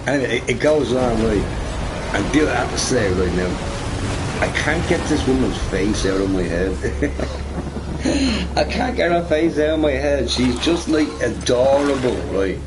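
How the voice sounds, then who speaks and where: A man's voice: mid-range voice, animated, a little slow. A man streaming a game, chatting casually in a rambling way, often tagging on "right?" and swearing. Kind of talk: casual chat while gaming. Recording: noisy recording with game sound behind.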